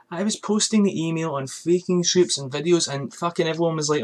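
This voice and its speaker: A man's voice: a little high, brisk. A man ranting angrily on his vlog about a perfume brand, swearing often and firing off rhetorical questions. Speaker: fragrance reviewer.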